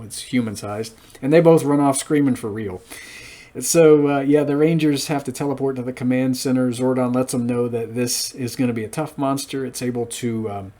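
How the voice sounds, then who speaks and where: Man, late thirties, mid-range pitch, solo episode reviewer, loose chatty recap, lots of fillers. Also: darkish tone.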